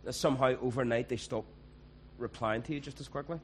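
A man's voice: medium pitch, fairly quick, a little hiss or hum, poor audio. A man, preaching a conversational sermon and acting out quoted voices.

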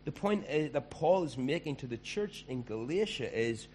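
Man, pastor, sermon, conversational, emphatic, mid-pitched, faint hum. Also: animated, normal speed, a little mellow.

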